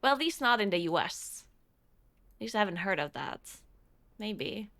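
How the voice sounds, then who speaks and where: Bright-voiced woman chatting on stream. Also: medium pitch, big pitch swings, moderate pace. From South Tyrol, Italy. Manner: rambling, frequent restarts, reads out chat. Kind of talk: casual chat with viewers.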